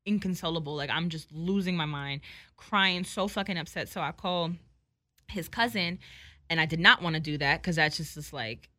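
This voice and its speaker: A young woman tells a story over casual podcast chat. Her voice sits a little low but has a sharp, bright edge. She talks in an animated, profane way, with "like" in almost every sentence. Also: normal speed. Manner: animated, profane, filler-heavy with frequent "like".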